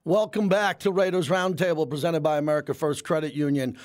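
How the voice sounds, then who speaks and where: A man hosting a sports radio roundtable, telling stories emphatically and slowing down to stress his points. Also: fairly high pitch, steady tone. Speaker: radio show host. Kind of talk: sports talk chat.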